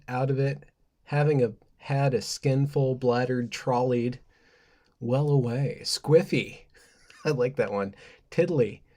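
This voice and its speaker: A man's voice: medium pitch, mellow. Rambling playful male livestream host. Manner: rambling, playful, reads word lists aloud with asides; laughs at his own jokes. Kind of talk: casual livestream monologue.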